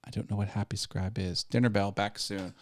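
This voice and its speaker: A man's voice: fairly low pitch, flat delivery, fairly quick. Man, casual live-show host, rambly, lots of restarts, laughs at own jokes. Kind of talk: casual live-stream chat.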